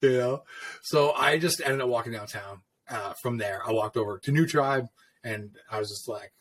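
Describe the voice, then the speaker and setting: A man's voice: mid-range voice, moderate pace, fairly bright tone. A veteran tattoo artist, a man, telling stories from his career in a rambling, profane, casual way. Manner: rambling, profane, filler-heavy. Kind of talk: casual storytelling.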